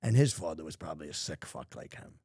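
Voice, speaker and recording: A man's voice: very deep voice, animated, fast, mellow, slightly rough, dry recording, clean studio sound. A middle-aged man, a podcast guest telling his life story in blunt, profane street talk. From New York. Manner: profane, street-talking, emphatic. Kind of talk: candid storytelling.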